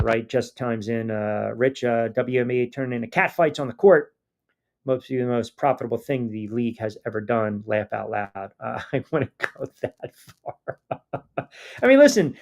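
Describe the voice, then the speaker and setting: Sports radio host, male, gravelly edge, animated and chatty while working through listener comments. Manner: animated and conversational, rising pitch when fired up. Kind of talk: live sports talk show, reading listener comments.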